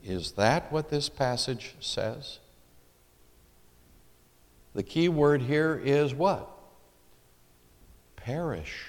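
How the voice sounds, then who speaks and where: A man's voice: medium pitch, animated, extremely slow, long pauses. Male preacher, emphatic sermon delivery, questions the congregation, long hall echo. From Michigan, USA.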